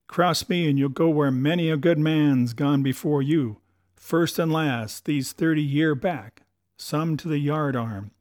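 A man voicing a menacing old pirate cook and captain, blustering in rough seafaring talk. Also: mid-range voice, dry recording, studio quality, close to an everyday voice.

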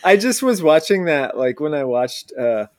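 A man's voice: fairly high pitch, very animated, moderate pace, no room sound, studio quality. A man co-hosting a podcast in casual chat, hesitant and thinking aloud with many fillers. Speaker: podcast co-host.

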